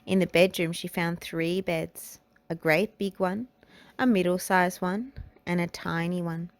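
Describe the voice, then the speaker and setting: A woman reading a children's storybook and nursery rhymes aloud, in a gentle, unhurried way. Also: lowish voice, fairly even intonation, dry recording. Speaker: children's book reader.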